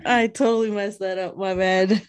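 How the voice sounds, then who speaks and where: A woman's voice: mid-range voice, fairly even intonation, normal speed, smooth, dry recording, clean studio sound. A young woman co-hosting a podcast in casual chat, rambling through stories and laughing often. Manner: giggly, rambling storyteller who laughs often. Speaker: podcast co-host.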